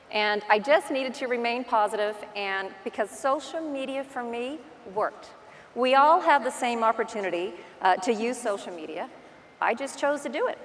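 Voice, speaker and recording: A woman with a Newfoundland accent talks to a large conference crowd in a chatty, self-deprecating way, telling stories as she goes. Her voice sits fairly high. The stage mic picks up a long reverb from the big hall. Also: fairly bright tone, a little hiss or hum. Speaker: real estate agent giving a conference talk. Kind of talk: conference keynote talk.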